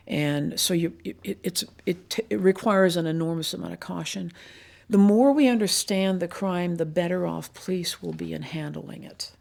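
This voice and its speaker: An older woman with a deeply gravelly, creaky voice tells her stories slowly and thoughtfully, pausing to remember details. She speaks as a retired police commander looking back in an interview. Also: a little mellow. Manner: measured, reflective storytelling with pauses. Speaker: retired police assistant chief. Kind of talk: recounting memories in an interview.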